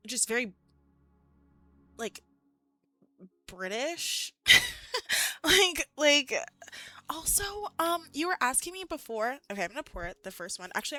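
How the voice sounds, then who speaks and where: Bright-voiced, giggly woman streamer. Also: fairly high pitch, no room sound. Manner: chatty, rambling, giggly, lots of "like". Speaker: live streamer. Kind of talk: casual chat with viewers.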